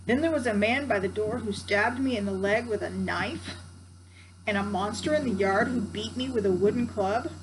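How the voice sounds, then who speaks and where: A woman's voice: medium pitch, normal speed, close to an everyday voice. A woman voicing a terrified male robber in a storybook, telling in a rattled way, recorded at home with background hiss. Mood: panicked.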